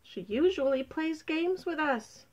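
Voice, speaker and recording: A woman voicing little baby deer mice with high, excited squeaks, read aloud as a storybook. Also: measured pace. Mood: sweet.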